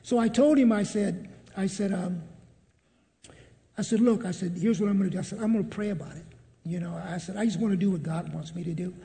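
A man's voice: sits high, a little fast, gravelly, dark tone, big-room sound. A man telling a personal faith testimony in a storytelling manner, often repeating what he said. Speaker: testimony speaker.

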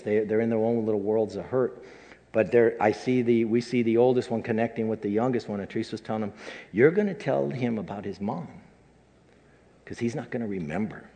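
Older man, pastor, low voice, halting emotional sermon, long hall reverb. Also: darkish tone. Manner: halting, emotional, many restarts. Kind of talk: personal sermon.

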